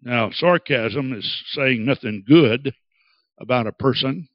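A man preaching a sermon, dramatic and acting out quoted voices with big swings in pitch. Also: slow, no echo, lo-fi sound. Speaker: pastor.

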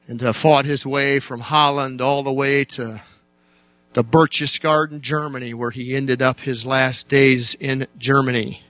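A man preaching a sermon as a pastor, telling the story dramatically, dropping to slow, quiet words and then jumping up to loud, shouted bursts. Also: medium pitch, dry recording.

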